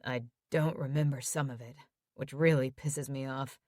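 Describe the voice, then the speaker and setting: A woman voicing an injured young male firefighter who talks quietly with dry humor. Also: a bass voice, steady tone, moderate pace, dry recording, voice pushed down. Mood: weak, wry.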